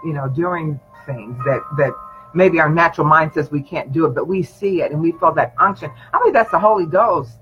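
A man's voice: fairly high pitch, moderate pace, bright, forceful tone. A man, a pastor, preaching encouragement in a prayer session with emphatic affirmations. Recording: dull lo-fi sound with faint music.

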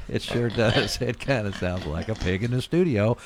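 Folksy low-voiced male radio host. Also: moderate pace, hardly any pauses, very noisy. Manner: folksy, rambling, chuckling. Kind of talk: morning radio show. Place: radio studio.

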